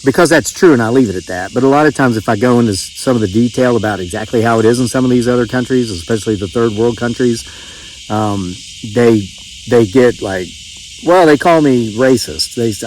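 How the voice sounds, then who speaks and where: Middle-aged man, rambling storyteller, medium pitch, faint outdoor insects behind. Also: brisk, a little mellow, a little hiss or hum, low-quality recording. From West Virginia, USA. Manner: rambling, frequent restarts and quoted dialogue. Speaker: channel host telling a story. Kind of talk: casual storytelling monologue.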